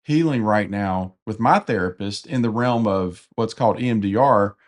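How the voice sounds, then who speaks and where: A man's voice: lowish voice, normal speed. A man with a Southern US accent co-hosting a podcast, talking candidly in a rambling, self-correcting way. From Carolinas, US. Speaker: podcast co-host. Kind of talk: casual conversation.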